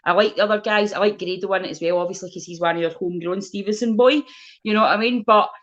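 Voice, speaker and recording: A woman's voice: medium pitch, fast, muffled recording. A Scottish woman comedian chatting as a guest, blunt and sweary, telling stories with lots of energy. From Scotland. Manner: blunt, sweary, animated storytelling. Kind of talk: casual chat.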